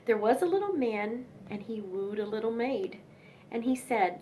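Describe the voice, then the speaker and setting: A woman's voice: on the high side, lively intonation, moderate pace, mellow, a little hiss or hum. A young woman reading nursery rhymes aloud in a sing-song manner, with chatty asides between poems.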